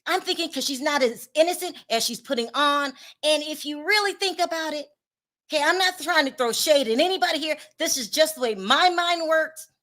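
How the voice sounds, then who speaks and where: A sassy woman commentator speaks high and bright. She calls people out bluntly and plays to her audience. Her delivery is informal and unfiltered. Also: brisk. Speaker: commentary channel host. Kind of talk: opinionated gossip commentary.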